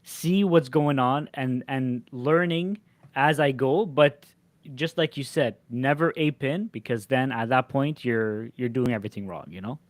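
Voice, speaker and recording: A man's voice: mid-range voice, measured pace, no echo. Dry-sounding casual podcast host man. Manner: conversational, repeats words as he thinks. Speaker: show host.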